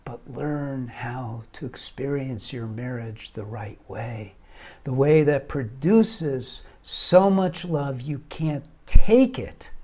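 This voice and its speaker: A man delivering passionate marriage advice to camera. His voice is mellow and warm, and he presses points with rhetorical questions, then softens into hushed, almost whispered lines. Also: fairly high pitch. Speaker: marriage counselor and foundation founder. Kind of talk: direct-to-camera advice talk.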